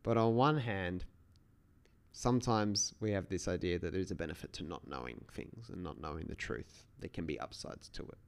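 A man's voice: deep voice, moderate pace, clean tone. A man hosting a solo podcast, talking in a casual, rambling way with many restarts. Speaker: podcast host.

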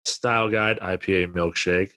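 A man's voice: deep voice, steady tone, normal speed, bright, forceful tone. A man co-hosting a casual beer podcast, reading tasting notes and making wry, sarcastic asides. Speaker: podcast co-host.

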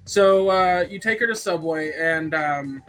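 A man narrating an improvised comic tabletop game as game master, stammering and crude, with a deadpan delivery. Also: a little high, unhurried, faint music behind.

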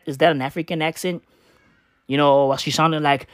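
A man's voice: on the high side, steady tone, a little fast, fairly bright tone, no echo, studio quality. Profane, slangy man ranting. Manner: profane, slangy, rambling with rhetorical "right?". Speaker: vlogger. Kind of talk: casual ranting monologue.

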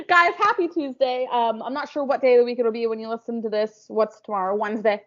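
A woman's voice: fairly high pitch, expressive, moderate pace, fairly bright tone, muffled recording. A woman co-hosting a podcast in casual chat, talking freely and laughing often. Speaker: podcast co-host.

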